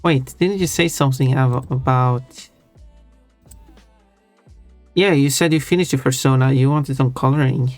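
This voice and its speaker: Man, casual stream chat, rambling, restarts words, close dry sound, soft music behind. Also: mid-range voice, measured pace, pauses often, no room sound. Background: soft chill music.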